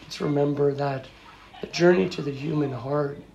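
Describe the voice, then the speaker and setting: A man's voice: on the high side, fairly even intonation, normal speed, creaky, muffled recording, noisy background. A man giving an informal talk and answering questions, rambling and full of anecdotes. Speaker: guest speaker answering questions.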